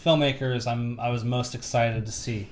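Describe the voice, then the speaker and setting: Male podcast co-host, casual film talk, eager and rambling, mid pitch. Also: fairly even intonation, moderate pace, slight background noise. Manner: enthusiastic, rambling with restarts. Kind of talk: casual movie chat.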